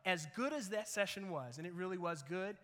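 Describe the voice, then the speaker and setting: A man's voice: sits high, animated, a little fast, a bit bright. A man preaching a sermon as pastor, conversational and earnest, repeating phrases for emphasis. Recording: long reverb of a large hall.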